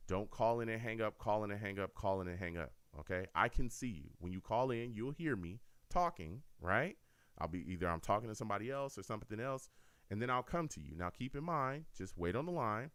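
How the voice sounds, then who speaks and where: Deep-voiced animated male show host. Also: brisk, clear, resonant tone, dry recording. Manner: animated, repetitive, addresses listeners directly. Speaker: host of a fan radio show. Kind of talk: casual call-in show talk.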